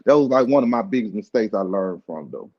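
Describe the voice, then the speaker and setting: A man's voice: fairly low pitch, expressive, fairly quick. A man guest in a casual interview, laid-back and boastful, cursing freely in loose slang. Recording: dull lo-fi sound.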